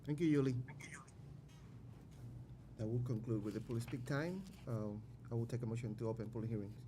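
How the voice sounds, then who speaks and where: Brisk man chairing a council meeting. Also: medium pitch, noisy background. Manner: brisk, procedural. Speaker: council president. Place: city council chamber.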